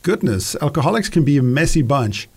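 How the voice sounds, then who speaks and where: A man's voice: fairly high pitch, big pitch swings, fairly quick, a little mellow, slightly rough, full character voice. A man reading the part of a fussy, disapproving man in a script read-through. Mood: disdainful. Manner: prissy, disapproving. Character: fussy, disdainful prim man.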